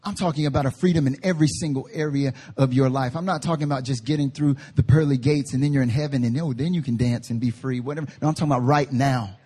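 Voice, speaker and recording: A man preaching a sermon as pastor, with emphatic slow stresses and playful asides. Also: mid-range voice, mellow, slightly rough. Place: church service.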